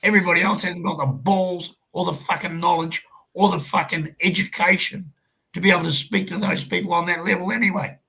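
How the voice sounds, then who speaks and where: An Australian man talking in blunt, sweary rants during casual chat. His voice is husky and bright, a little higher than most men's. He hammers his points home with heavy cursing. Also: fairly even intonation, brisk, low-quality recording.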